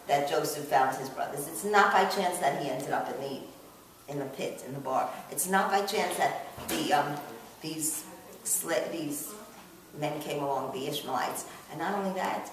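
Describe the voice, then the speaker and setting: Low-voiced woman teaching a chatty class. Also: moderate pace, a little hiss or hum. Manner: chatty, asks the group questions, frequent "you know". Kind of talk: informal religious class talk. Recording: echoey room from far off.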